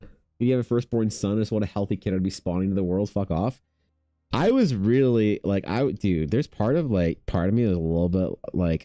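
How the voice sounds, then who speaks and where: A man in his thirties chatting casually while streaming his art, laid-back, swearing freely and mimicking people in a higher voice. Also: lively intonation, normal speed, mellow, dry recording, studio quality. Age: 30s. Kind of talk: casual chat with chat.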